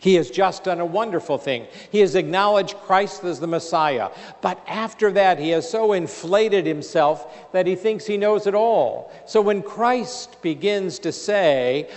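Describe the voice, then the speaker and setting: A man giving a homily as a priest, telling a story in measured preaching. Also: high voice, lively intonation. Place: large church. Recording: reverberant church hall.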